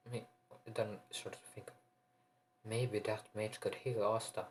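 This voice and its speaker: A man narrating an improvised fan story in a rambling, halting way, often restarting his sentences. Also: lowish voice, fairly even intonation, a little mellow, slight background noise, rough recording.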